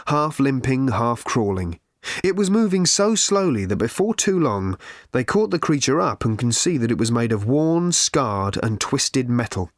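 A man narrating an audiobook in a measured, wry storytelling manner. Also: medium pitch, no echo, clean studio sound. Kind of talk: scripted narration.

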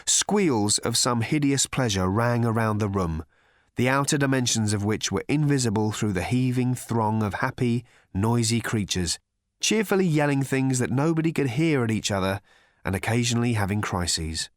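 Guy reading a comic audiobook, lively up and down voice, dry close mic. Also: medium pitch, normal speed, dry recording. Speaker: audiobook narrator. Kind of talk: scripted narration.

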